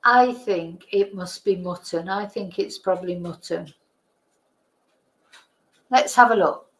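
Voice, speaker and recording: A woman's voice: on the low side, slow pace, rough recording. A woman hosting a casual live-stream quiz, chatting, laughing and thinking aloud as she reads the questions. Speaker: host.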